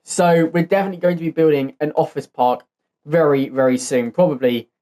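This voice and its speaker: A man's voice: a little high, fairly even intonation, a little fast, dark tone. A man hosting his own channel, giving casual gameplay commentary and thinking aloud in an easygoing way as he builds. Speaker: channel host.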